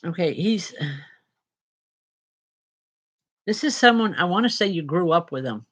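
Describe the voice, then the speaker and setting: A tired woman medium giving live spirit readings to viewers, chatty and unhurried with frequent restarts. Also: fairly low pitch, lively intonation, fairly bright tone, slightly rough.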